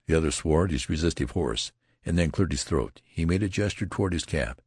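A man reading a classic novel aloud as an audiobook narrator, expressive and unhurried. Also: very deep voice, slightly rough, dry recording, clean studio sound.

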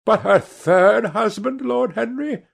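A man's voice: high-pitched, slow, vocal fry, pitched above the performer's own voice, exaggerated voice. A man reading aloud and voicing a gossipy, teasing old society hostess with a raised, exclamatory voice.

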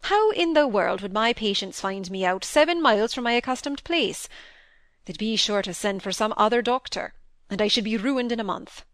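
A woman's voice: medium pitch, expressive, normal speed, fairly bright tone, no echo. A woman doing a brusque old-fashioned doctor. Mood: teasing. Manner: curt and dryly teasing. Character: brusque, teasing middle-aged country doctor father.

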